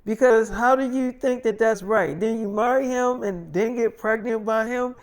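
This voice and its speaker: A man voicing a hot-tempered older mother who scolds her daughter in a shrill, indignant way, in an improvised freestyle story. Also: fairly even intonation, moderate pace. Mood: scolding.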